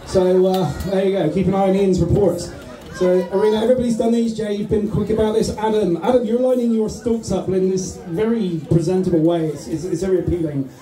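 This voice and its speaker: A man compering a live outdoor contest, teasing the contestants and shouting countdowns. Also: high-pitched, reverberant. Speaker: contest compère. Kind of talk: live event hosting. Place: outdoor festival in the sunshine.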